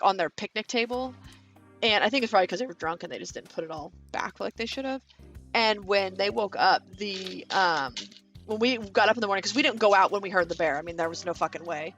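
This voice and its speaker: A woman's voice: medium pitch, fairly bright tone. A woman in her thirties from Kansas, chatting casually with viewers and telling a long rambling story with lots of fillers and casual swearing. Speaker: vlogger. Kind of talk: casual chat while building.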